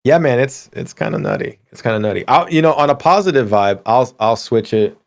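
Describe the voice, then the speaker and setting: Middle-aged male podcast co-host: low, gravelly, dry close sound, ranty casual gamer energy. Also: a little fast, dry recording. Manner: animated, ranting, swears casually. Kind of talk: casual gaming podcast chat.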